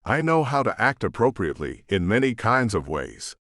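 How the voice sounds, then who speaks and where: A male narrator voicing a guarded, businesslike young woman on a phone call, crisp and formal. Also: on the low side, big pitch swings, moderate pace, fairly bright tone, no room sound, studio quality.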